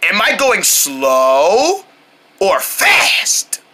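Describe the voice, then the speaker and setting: A woman voicing a cheerful, excitable young boy who talks straight to child viewers in a sing-song way. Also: sits high, slow pace, slightly rough, full character voice. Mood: playful. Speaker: children's show character. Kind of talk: children's cartoon voice acting.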